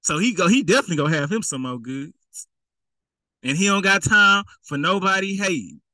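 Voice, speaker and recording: Lively, bright-voiced man preaching. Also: sits high, brisk, dry recording, rough recording. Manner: playful, acts out the rich man in casual slang. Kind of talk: conversational sermon.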